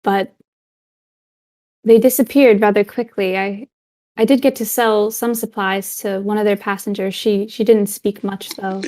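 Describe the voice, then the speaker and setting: A woman's voice: mid-range voice, fairly even intonation, unhurried, darkish tone, natural voice. A woman voicing a cheerful, polite young farm woman who speaks with hesitant fillers.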